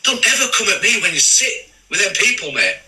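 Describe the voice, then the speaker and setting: A man's voice: sits high, big pitch swings, a little fast, recorded from a distance, a little hiss or hum, rough recording. A man ranting on a livestream, trading insults, swearing hard and stumbling over his words. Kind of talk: heated livestream rant. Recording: voice a bit off-mic.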